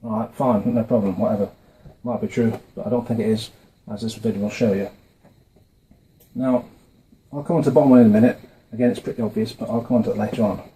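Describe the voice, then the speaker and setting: Hesitant man with a mellow voice. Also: fairly low pitch, fairly even intonation, fast talker, long pauses, a little hiss or hum, poor audio. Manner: hesitant, with frequent fillers and restarts. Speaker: video maker explaining a religious topic. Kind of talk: casual explanation from notes. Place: indoors, dim room. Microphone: camera mic, facing camera.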